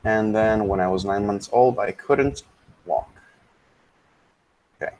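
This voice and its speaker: Relaxed man teaching English grammar, fairly low. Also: slow pace, poor audio. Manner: relaxed, thinks aloud with many ums and mutters asides. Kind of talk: casual grammar lesson, switching into Spanish.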